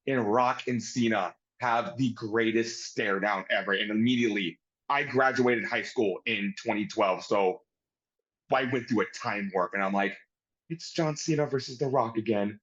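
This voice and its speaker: A man around thirty co-hosting a wrestling review podcast, retelling the show in casual chat and swearing as his excitement builds. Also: on the low side, normal speed. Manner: swears a lot, bursts into loud excitement. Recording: slightly dull lo-fi audio.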